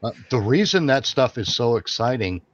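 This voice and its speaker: A man's voice: medium pitch, lively intonation, normal speed. A man co-hosting a live stream, chatting casually and ranting with lots of swearing. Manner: profane, ranting. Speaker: co-host. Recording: dull lo-fi stream audio with background noise.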